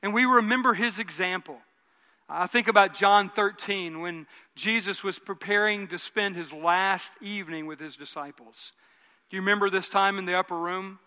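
A high-pitched, very bright male pastor preaching a conversational sermon in a church. He often repeats and restarts phrases and has the congregation say lines back with him. His voice carries a long hall reverb. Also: moderate pace. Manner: repeats words and restarts phrases while building a point. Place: church sanctuary.

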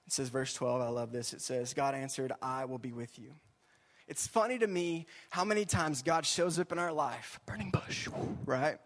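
A young man giving a casual, animated sermon as a youth pastor, chatty and often saying "y'all" and "right?". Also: fairly high pitch. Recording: long hall reverb.

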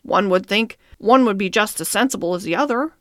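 A woman's voice: mid-range voice, brisk, fairly bright tone, no room sound, studio quality, close to an everyday voice. A woman voicing a fiery old male horse in a storybook reading, speaking indignantly. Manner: indignant, protesting.

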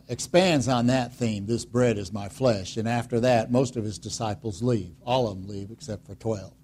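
A man preaching a sermon in a lively, conversational way, full of rhetorical questions and quiet, pointed emphasis. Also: medium pitch. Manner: conversational, acts out voices of listeners and Jesus. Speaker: pastor.

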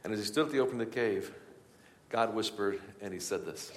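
A man preaching a sermon in a church, swinging from hushed tones to loud, urgent passages. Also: on the low side, fast, slight background noise. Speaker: pastor. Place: church sanctuary. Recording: long hall reverb.

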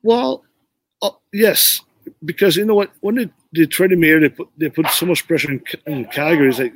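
A man's voice: fairly high pitch, normal speed, no room sound. Man, middle-aged, casual podcast storytelling, rambling, dry sound. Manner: rambling, restarts often, tells stories with quoted dialogue. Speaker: podcast guest, former pro hockey player.

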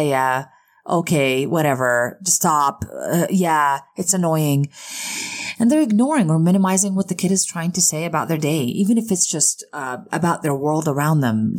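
A woman in her thirties hosting a parenting talk, earnest and emphatic, with lively swings between high and low. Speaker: parenting podcast host. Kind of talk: casual educational talk.

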